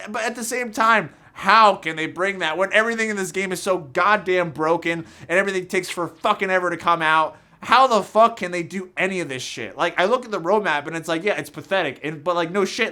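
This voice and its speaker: A man's voice: high-pitched, bright, forceful tone. Heated, profane young man ranting. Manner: heated, profane, emotional, with frequent restarts. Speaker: gaming commentator. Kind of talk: passionate rant.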